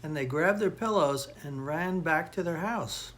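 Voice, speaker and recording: An older man, a grandfather, reading a children's storybook aloud in a slow, gentle way. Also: fairly high pitch.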